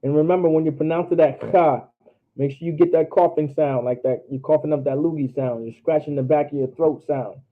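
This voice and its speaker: A man with a fairly high voice teaches an online class, talking casually and drilling each letter sound again and again. The sound is narrow and tinny, like a phone line. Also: steady tone, a little fast.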